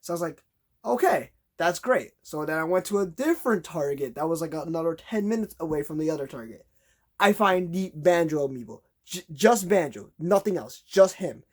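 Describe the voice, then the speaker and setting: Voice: medium pitch, lively intonation, moderate pace, a little mellow. A vlogger telling a long, exasperated story in a casual rant, acting out conversations in a raised voice.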